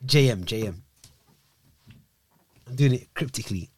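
A man's voice: medium pitch, expressive, a little mellow, slight background noise. A man in a casual chat, teasing and cutting in. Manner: fast-talking, teasing, interrupts.

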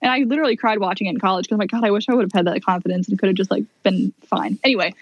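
Young woman in her twenties, podcast guest, quick and a little husky, rambling self-deprecating anecdotes with quoted asides. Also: mid-range voice, fairly even intonation, dry recording, dull audio. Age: 20s. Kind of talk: casual storytelling chat.

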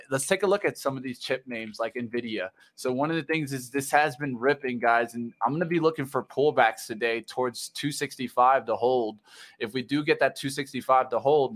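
Energetic male stock show host. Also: mid-range voice. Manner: energetic, pumps up viewers. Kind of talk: live stock chart commentary.

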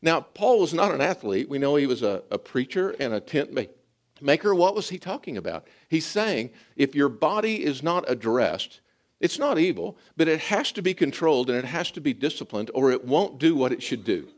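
A man preaching a sermon, his voice rising and falling in a lively swing. He sits a little higher than most men and speaks straight to the congregation, pulling them in. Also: moderate pace. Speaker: pastor.

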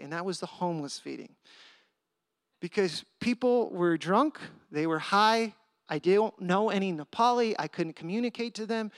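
A man preaching a sermon as a lively personal story, acting out the voices of the people in it. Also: high voice, clear, resonant tone, dry recording, studio quality. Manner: animated, acts out voices in his story. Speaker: pastor.

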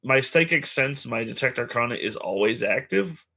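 Male player, gravelly voice, hesitant and descriptive, tabletop game chat. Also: mid-range voice, lively intonation, normal speed, bright, forceful tone. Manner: descriptive, hesitant with many fillers.

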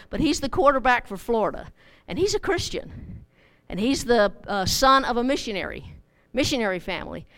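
A woman's voice: a little high, fairly bright tone, smooth. A middle-aged woman teaching a Bible study in a chatty, informal way, repeating words as she goes.

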